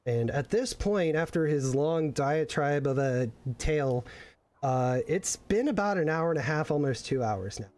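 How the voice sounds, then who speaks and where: A man runs a tabletop horror game, narrating in a loose, rambling way full of restarts. His voice sits slightly high for a man. He talks casually to his players. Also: expressive, a little slow, a little mellow. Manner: rambling, many fillers and restarts. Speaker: game master.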